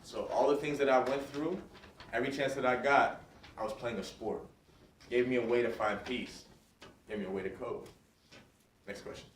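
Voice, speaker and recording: A man's voice: mid-range voice, fairly even intonation, moderate pace, pauses often. A man giving a motivational talk to students in a school hall. He speaks with energy and keeps checking in with his audience. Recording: roomy and distant, faint noise.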